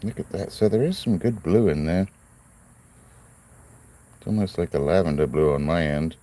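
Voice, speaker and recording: A man's voice: sits low, normal speed, warm tone. A man hosting a casual live stream, chatting in a rambling, friendly way and greeting viewers by name. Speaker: livestream host cutting stones.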